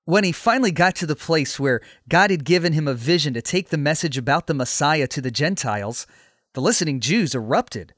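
A male storyteller reads a scripted story in a steady, measured voice. His pitch sits a little high, and the sound is close and dry with no room echo.

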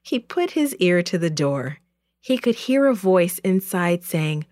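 A woman narrating a children's Bible story with an expressive, clear reading. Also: fairly low pitch, slow, no echo, studio quality.

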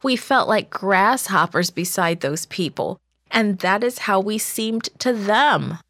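A woman's voice: medium pitch, lively intonation, slow pace, fairly bright tone, no room sound. A woman voicing discouraged complaining spies. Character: ten discouraged, fearful male spies.

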